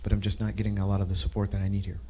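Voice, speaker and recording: Hesitant, mellow-voiced man in a role-play. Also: on the low side, completely flat delivery, racing, a little hiss or hum. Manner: hesitant, with many filler sounds. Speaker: workshop participant. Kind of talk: leadership workshop role-play.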